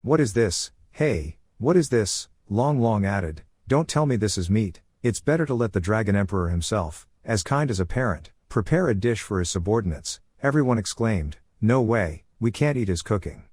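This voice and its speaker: Male recap narrator, low-ish voice, dry close sound, flat delivery. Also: moderate pace, hardly any pauses, husky, no echo.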